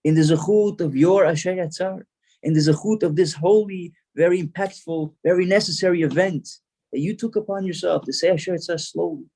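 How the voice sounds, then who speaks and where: A man's voice: high-pitched, brisk, mellow. A man voicing God, who speaks with loving authority and declares each point emphatically. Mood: declaring.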